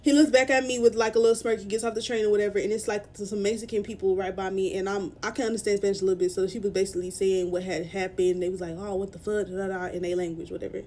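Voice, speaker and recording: A young woman telling an emotional storytime vlog, upset and halting, with many fillers and restarts, recorded on a phone camera in a small room. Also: mid-range voice, flat delivery, a little mellow, slight background noise. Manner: tearful at moments. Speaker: vlogger.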